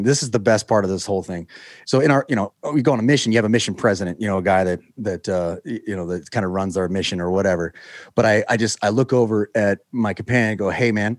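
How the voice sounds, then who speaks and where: An American man recounts a story in a loose, casual way, slipping into the voices of the people in it. His voice sits a little low, and the recording is dry with almost no room sound. He rambles and circles back, with plenty of fillers. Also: dry recording. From United States. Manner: animated, acts out quoted voices. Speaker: guest telling a story.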